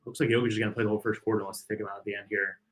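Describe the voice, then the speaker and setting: A man co-hosting a fan watch-party stream, giving excitable, chatty play-by-play of a live game. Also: lowish voice, very fast. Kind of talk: casual live game commentary.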